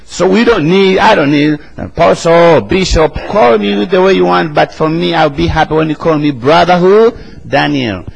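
A man's voice: a little high, normal speed, creaky, few pauses, muffled recording. A man, preaching an emphatic sermon and calling the congregation to answer back. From Uganda. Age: 40s.

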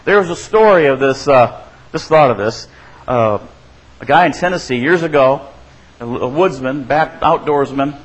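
A male pastor delivers a sermon at a moderate pace, and the audio quality is poor. He keeps it conversational, often checking in with the congregation by asking "right?", and he acts out quoted voices by shifting his pitch and loudness.

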